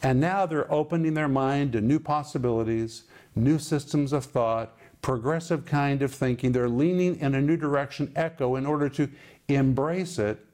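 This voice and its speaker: A man's voice: medium pitch, normal speed, a little mellow. Emphatic male Bible teacher. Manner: emphatic, explains Greek words.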